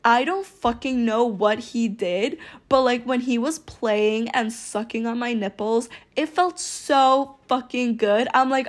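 Chatty young woman, slightly high voice. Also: measured pace. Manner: filler-heavy, rambling, candid and unfiltered. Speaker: storytime vlogger. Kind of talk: casual storytelling to viewers.

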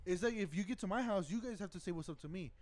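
A man's voice: high voice, very fast, darkish tone. A young man co-hosting a podcast, telling a long story in casual chat with friends, rambling and swearing freely. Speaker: podcast co-host.

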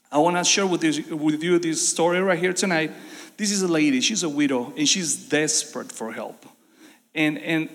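A man's voice: sits high, a bit bright, big-room sound. A male pastor preaching a live-streamed sermon in an earnest, repetitive style, stacking phrases for emphasis.

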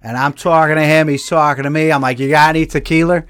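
A man's voice: fairly high pitch, steady tone, fast, fairly bright tone, clean tone. A man hosting a casual talk show, telling a long, profane story and laughing as he goes. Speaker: podcast host.

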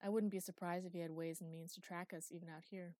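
A woman's voice: fairly low pitch, little pitch movement, quick pace, dark tone, dry recording, natural voice. A woman voicing a practical, reasonable female crewmate in an audiobook. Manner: level, reasonable.

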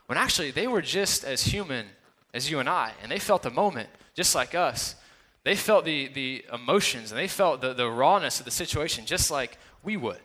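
A man's voice: a little high, expressive, fairly quick, pushed and bright. A man preaching a casual sermon, talking conversationally with many fillers and acting out the quotes of the people in the story.

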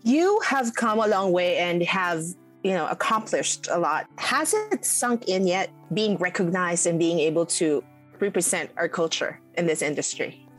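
A woman interviewing a guest, asking friendly, measured questions. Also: on the low side, expressive, faint music behind, poor audio.

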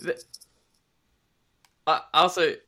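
A man's voice: extremely slow, bright, forceful tone. A man co-hosting a sports podcast, talking casually and rambling off topic with the odd swear. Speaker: podcast co-host.

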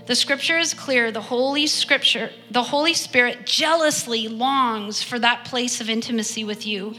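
A woman preacher giving an earnest, heartfelt sermon, reading scripture and pausing often. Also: on the high side, steady tone, sharp tone. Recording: long hall reverb, faint music behind.

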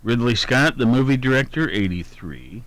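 A man's voice: medium pitch, expressive, moderate pace, fairly bright tone, no echo. A man hosting a radio show who reads the day's anniversaries and birthdays in a meandering way, humming filler syllables and correcting himself aloud. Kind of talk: casual on-air chat, reading daily almanac.

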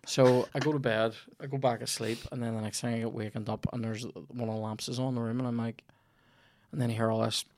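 Northern Irish male host, swears freely, spins lively yarns, dead-dry recording. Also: medium pitch, fast talker, no room sound. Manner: sweary, animated anecdote telling. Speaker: podcast host. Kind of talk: casual comedy podcast chat.

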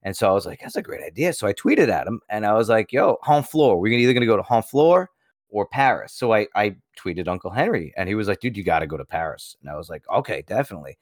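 A man's voice: on the low side, animated, fast, hardly any pauses, dry recording, clean studio sound. An American man co-hosting a podcast, telling a story in a rambling, casual way, repeating words and swearing now and then. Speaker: podcast co-host.

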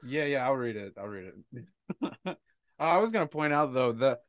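Male podcast co-host, laughs a lot, profane, mid-pitched, dry close-mic sound. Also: normal speed, no room sound. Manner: laughs often, profane, animated. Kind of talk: casual chat, reading a listener story.

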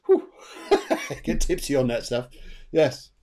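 A man's voice: medium pitch, expressive, moderate pace, darkish tone. A man co-hosting a live online show, giving a chatty, rambling tarot reading and repeating his phrases. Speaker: tarot reader and co-host.

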